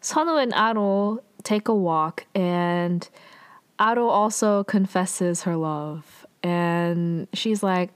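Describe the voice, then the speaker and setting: A woman's voice: lowish voice, a little slow, smooth, dry recording. A woman casually recapping a drama episode, chatty and full of fillers, with exasperated asides.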